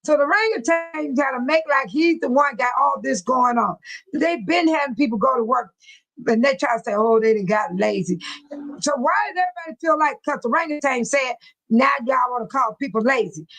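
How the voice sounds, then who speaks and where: A woman's voice: sits high, a little fast, a bit bright, rough recording. A woman hosting a live stream, chatting casually with viewers and telling stories with frequent laughter. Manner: chatty, laughing often, colloquial storytelling.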